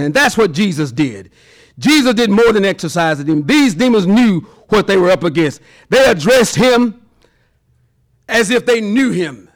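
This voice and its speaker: A man preaching a sermon to his congregation, folksy and animated, acting out little voices in his examples. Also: sits high, normal speed. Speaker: pastor.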